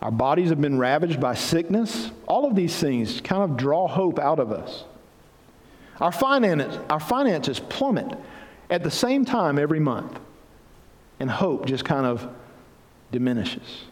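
A man's voice: a little high, big pitch swings, a little slow. A man preaching a sermon as pastor, earnest and building to emphatic passages. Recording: reverberant hall.

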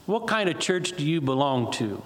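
A man voices a gruff, blunt middle-aged diner cook, his words coming out short and plain. The voice sits a little high. Long reverb from a big hall hangs around every word. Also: big pitch swings, moderate pace.

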